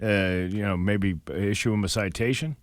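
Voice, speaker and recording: A man co-hosting a morning radio show, deadpan, needling a caller with fussy questions. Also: on the low side, normal speed, clean tone, dry recording, clean studio sound. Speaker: radio co-host.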